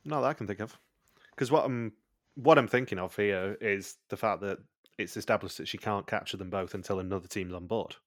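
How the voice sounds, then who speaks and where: A man's voice: on the low side, fairly quick, dry recording, studio quality. A man co-hosting a podcast, recapping a TV show in casual chat, blunt and swearing freely. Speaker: podcast co-host.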